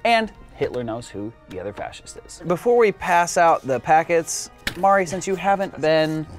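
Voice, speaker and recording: A man's voice: fairly high pitch, sing-song, normal speed, soft background music. A man hosting a tabletop game show, explaining rules and narrating the game playfully. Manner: playful, swings between loud and soft. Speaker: game host.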